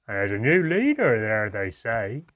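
A man voicing a second male dwarf sailor who passes on rumours in a rough voice, in an audiobook story. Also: fairly low pitch, sing-song, unhurried, narrow, tinny audio. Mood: ominous.

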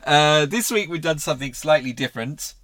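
A man's voice: on the high side, lively intonation, brisk, fairly bright tone. A man co-hosting a podcast in enthusiastic, jokey chat. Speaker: podcast co-host. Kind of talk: casual chat.

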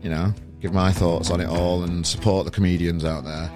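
A middle-aged man hosts a podcast in a fairly low voice, blunt and rambling, with lots of "you know" and "um". Plucked guitar music plays behind him. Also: level tone, normal speed. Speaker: podcast host. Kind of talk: casual chat and rant.

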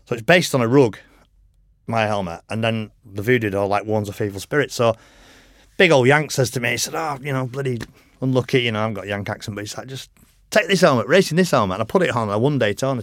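Rambling, laughing racer telling stories. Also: male voice, fairly low pitch, no room sound, clean studio sound. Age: middle-aged. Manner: rambling storyteller, swears casually, laughs often. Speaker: podcast guest, motorcycle racer. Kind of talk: casual interview chat.

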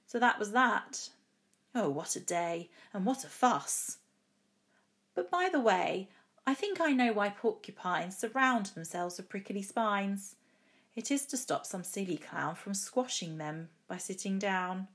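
Woman teacher, comic rhyming poem read aloud, lively, expressive, rhythmic. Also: mid-range voice, measured pace.

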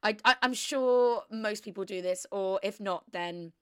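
A woman's voice: medium pitch, a little slow, smooth, dry recording, clean studio sound. A young woman, hosting a casual confessional chat, rambling and chatty with lots of fillers. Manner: rambling, chatty, heavy use of "like". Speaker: podcast host.

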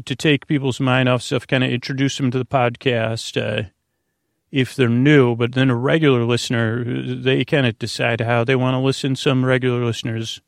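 A man hosts a bedtime podcast in a slow, wandering ramble, piling up filler words and false starts as he chats with an imaginary listener. His voice sits at an ordinary pitch with a rough, gravelly edge. The recording is dry and close. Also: no echo. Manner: meandering, full of filler words and restarts; silly, speaking to an imaginary listener. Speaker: podcast host.

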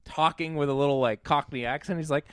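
A man in casual chat who recaps a movie in an animated, profane storytelling way. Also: a little high, quick pace, smooth, no room sound.

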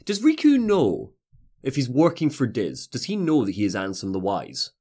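A man's voice: medium pitch, wildly swooping pitch, normal speed, warm tone. A man chatting as a guest on a casual podcast, joking and swearing freely. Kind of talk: casual chat.

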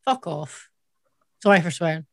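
A woman co-hosting a podcast in casual chat, chiming in with quick reactions. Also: on the low side, animated, vocal fry, fairly bright tone. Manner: quick reactions and laughter-prone interjections. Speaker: podcast co-host.

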